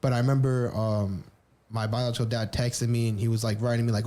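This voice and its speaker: A podcast co-host, a man with a medium-pitched, dark voice, speaks fast in a level tone. He candidly shares his personal story, rambling, restarting often, and swearing casually.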